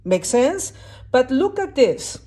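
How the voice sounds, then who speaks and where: A woman's voice: high voice, sing-song, takes it slowly, dark tone. A woman teaching a lesson at a whiteboard, explaining step by step and often checking that the class understands. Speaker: Spanish teacher.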